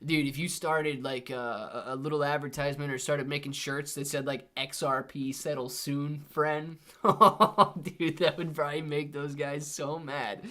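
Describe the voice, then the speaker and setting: Chatting with viewers on a casual live stream, a young host keeps saying "dude" and "man" and reads the chat out loud in a relaxed way. His voice sits on the high side, sharp and steady, at a normal speed.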